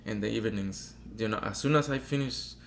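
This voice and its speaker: A man's voice: on the low side, a little fast, creaky, a little hiss or hum. A tenor guest in an interview, telling his story casually and acting out the voices of others. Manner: animated storyteller who acts out quotes and hums melodies.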